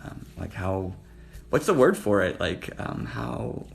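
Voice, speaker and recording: A man's voice: fairly low pitch, lively intonation, slow pace, vocal fry, slight background noise. A man hosting a livestream, flirting with viewers and calling them out by name, sometimes dropping to a murmur. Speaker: livestream host.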